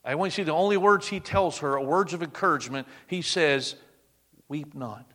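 A male preacher delivers a dramatic sermon, his voice sitting high. He sinks to a hush for quoted words. A long reverb from a large hall trails every phrase. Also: fast.

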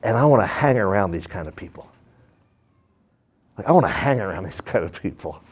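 Preaching to his flock in a husky voice, a pastor keeps things animated and down-home. His volume leaps between big bursts and murmured asides, and he acts out the folks he describes with quick impressions.

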